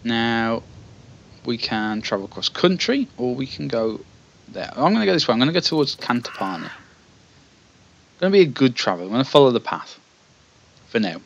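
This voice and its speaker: A man's voice: mid-range voice, big pitch swings, brisk, creaky, pauses often, highs cut off. A man commenting on a text-based game, reading passages aloud and making chatty, self-deprecating asides. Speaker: let's play host.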